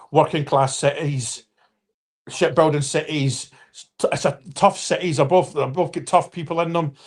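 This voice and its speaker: A man in his fifties hosting a casual live-stream football chat, rambling with restarts and apologies and talking to viewers by name. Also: on the high side. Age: 50s.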